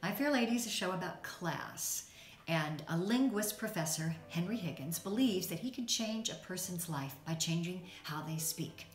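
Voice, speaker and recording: A woman from North Carolina, an actress telling an expressive backstage story as a fundraising appeal. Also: on the low side, moderate pace. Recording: echoey room, faint music.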